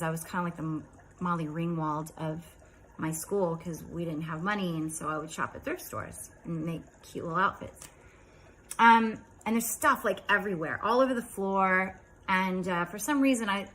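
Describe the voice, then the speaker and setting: A woman in her fifties casually recounting a strange dream, chatty and rambling, dropping into quiet asides. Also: fairly low pitch, a little hiss or hum, poor audio. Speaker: vlogger.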